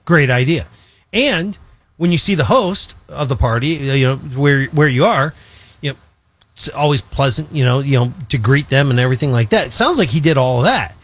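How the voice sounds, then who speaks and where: A man's voice: mid-range voice, lively intonation, normal speed, breathy edge. A man co-hosting a radio talk show, rambling through casual banter with plenty of fillers.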